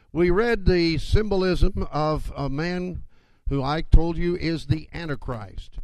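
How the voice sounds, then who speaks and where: Gravelly preacher calling for amens. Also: male voice, fairly high pitch, a little mellow, dry recording. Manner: emphatic, calls for amens. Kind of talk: sermon.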